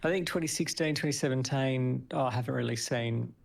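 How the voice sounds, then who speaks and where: A man co-hosting a review stream, thinking aloud slowly in casual chat. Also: medium pitch, gravelly.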